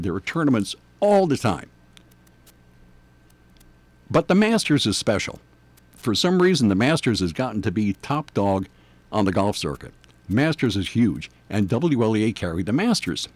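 A man's voice: medium pitch, darkish tone, dry recording. An older man from New York with a New York accent, hosting a morning radio show in a rambling, chatty, self-deprecating way. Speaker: radio host. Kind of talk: casual morning radio chat.

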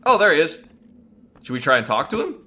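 Casual male co-host, bright tone, playful banter. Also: on the high side, sing-song, a little fast. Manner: joking, laughs often. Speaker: co-host playing a game.

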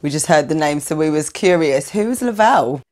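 A woman's voice: low voice, lively intonation, fairly quick, darkish tone. A woman interviewing a guest, curious and thinking aloud with fillers. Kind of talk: casual interview questions.

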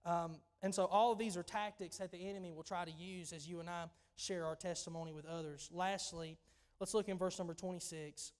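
A man's voice: high voice, steady tone, a little fast. A male pastor with a Southern US accent preaching a sermon in church, emphatic and conversational, often repeating himself as he talks.

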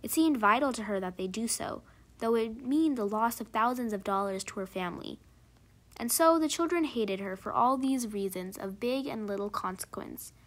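A woman narrating a short story aloud in a measured, expressive reading. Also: a little high.

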